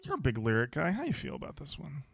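A man's voice: fairly high pitch, quick pace, creaky, slightly rough, dry recording, studio quality. A man co-hosting a podcast, chatting casually and joking, often acting out song lyrics in quoted voices. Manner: animated, jokey, acts out lyrics in quoted voices. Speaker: podcast co-host. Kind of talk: casual chat.

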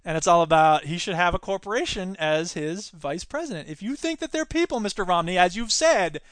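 A man hosting a solo commentary podcast, his voice pitched high and ringing bright. He talks in an animated, sarcastic way, tossing in quick asides. The sound is dry and close, with no room around it. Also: no echo. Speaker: podcast host.

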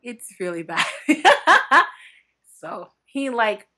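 A woman book blogger chatting as a podcast guest, telling lively stories with frequent laughter and acted-out quotes. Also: a little high, extremely slow. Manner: animated, laughing often, acts out quotes. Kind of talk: chatty podcast interview storytelling.

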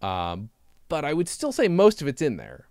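A man's voice: a little high, wildly swooping pitch, moderate pace, darkish tone, no echo, clean studio sound. A man co-hosting a casual chat, rambling and cutting himself off, with some casual swearing. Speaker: podcast co-host. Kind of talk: casual chat reviewing old videos.

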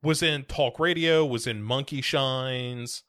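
A man's voice: mid-range voice, slow, fairly bright tone. An American man co-hosting a podcast, chatting casually about a film with many fillers and restarts. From United States. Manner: rambling, full of fillers and restarts. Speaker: podcast co-host.

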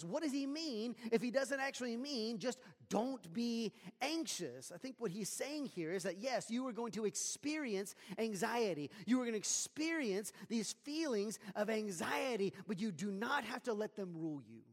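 A man's voice: extremely high pitch, animated, moderate pace, few pauses. A man preaching a sermon in an earnest, conversational way, often restarting his words. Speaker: pastor. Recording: long hall reverb.

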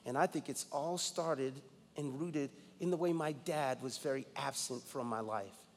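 A man's voice: medium pitch, a little slow, big-room sound, slight background noise. A man in his forties from New York, a guest pastor preaching a sermon with emphatic personal storytelling. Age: 40s.

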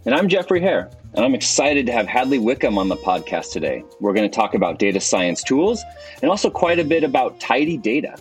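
A man's voice: mid-range voice, sing-song, a little fast, faint music behind. A man co-hosting a podcast, introducing the episode and asking questions in an upbeat way. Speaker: podcast co-host.

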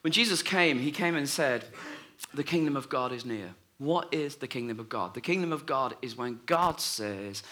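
A man preaching a sermon, telling a story and acting out the voices in it, often dropping to a hush. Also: medium pitch, expressive, moderate pace.

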